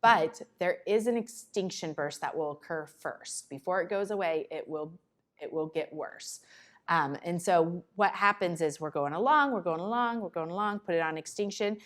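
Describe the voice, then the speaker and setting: Lively woman presenting at a conference. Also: lowish voice. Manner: lively, conversational, acts out the child and parent in quick asides. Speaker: conference presenter on child behavior. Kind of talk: conference talk to parents. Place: conference room.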